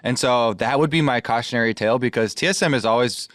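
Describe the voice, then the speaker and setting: A man on an esports analysis panel, speaking in a measured, reflective way with soft fillers. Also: medium pitch, no echo, clean studio sound. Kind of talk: casual panel discussion.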